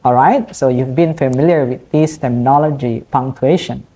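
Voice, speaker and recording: A woman lecturer with an Indonesian accent, explaining punctuation in a recorded online class and repeating each example slowly. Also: very deep voice, mellow.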